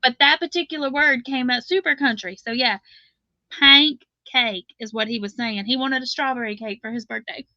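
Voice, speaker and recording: Southern woman, middle-aged, chatty and laughing, bright higher voice, dry dull stream audio. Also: fairly quick, few pauses, no room sound. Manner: chatty, laughs often, reads viewer comments aloud. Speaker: crochet livestream host. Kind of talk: casual chat while crocheting live.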